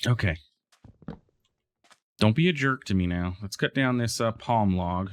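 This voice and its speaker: A man's voice: on the low side, measured pace, a little hiss or hum. A man hosting a game let's play, thinking aloud in casual commentary and talking back to the game.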